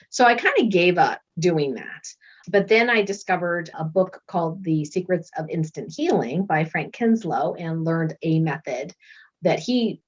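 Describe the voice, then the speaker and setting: A middle-aged woman, a doctor and author, chatting as an interview guest and telling lively stories. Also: lowish voice, husky. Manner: lively storyteller who acts out quoted voices and laughs often. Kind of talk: casual interview chat. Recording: dull lo-fi recording.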